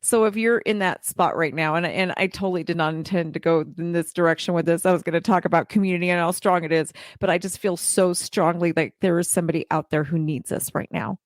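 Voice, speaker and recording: A woman's voice: fairly low pitch, steady tone, quick pace, hardly any pauses, no echo, clean studio sound. A woman in her forties hosting a heartfelt live-stream talk, earnest and emotional, repeating phrases for emphasis. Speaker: podcast host and child care business coach.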